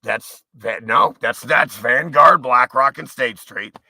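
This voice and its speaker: Brief: profane male livestream host, rambling rant, bright edgy tone. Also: mid-range voice, slow pace, vocal fry, slightly rough, no room sound. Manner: profane, angry, rambling, sometimes shouting.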